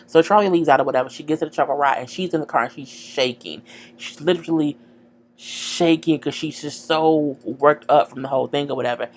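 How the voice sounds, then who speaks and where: A woman casually recapping a TV episode, slangy and animated, talking straight to her viewers. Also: sits low, fairly quick, a little hiss or hum. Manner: animated, slangy, acts out dialogue, chats to viewers. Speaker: TV show recapper.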